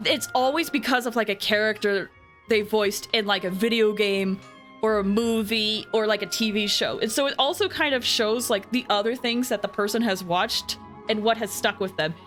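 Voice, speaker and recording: A woman streamer talks through a game in a chatty, scattered way, jumping between side tangents. Her voice is bright and slightly high, and faint game music plays under her. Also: moderate pace. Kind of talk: casual commentary.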